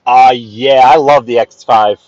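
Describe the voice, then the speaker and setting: A man's voice: medium pitch, fairly even intonation, unhurried, darkish tone, dry recording, highs cut off. Chatty New man driving. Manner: chatty, laughs at his own stories, repeats phrases. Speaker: vlogger driving through his neighborhood. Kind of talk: casual running commentary while driving. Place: inside a car on city streets. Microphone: phone.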